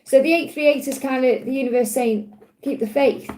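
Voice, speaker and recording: A woman with a Stoke-on-Trent accent, giving a gentle, chatty card reading on a live stream and answering viewers. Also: high-pitched, fairly even intonation, brisk, rough recording. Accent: Stoke-on-Trent English. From England. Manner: gentle, reassuring, chatty with frequent restarts. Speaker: tarot and angel card reader.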